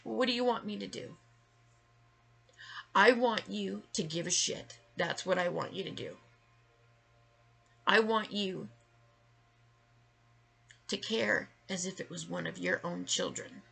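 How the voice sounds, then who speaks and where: A woman's voice: lowish voice, very animated, slow, creaky, pauses often, pushed and bright, breathy edge. A woman vlogger delivering an emotional, angry rant to the camera, emphatic and full of swearing. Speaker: vlogger sharing her story.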